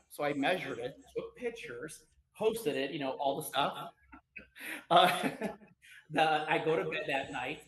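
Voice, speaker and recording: Man, somewhat high voice, animated rambling storyteller, roomy echo. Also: a little slow. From Chicago. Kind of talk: casual chat.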